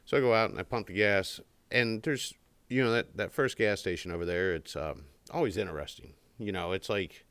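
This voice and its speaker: A man's voice: fairly low pitch, brisk, a bit bright, clear, resonant tone, no room sound. A man co-hosting a casual podcast, telling a long rambling story and acting out the people in it. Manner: rambling storyteller, acts out quoted voices. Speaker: podcast co-host. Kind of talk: casual chat.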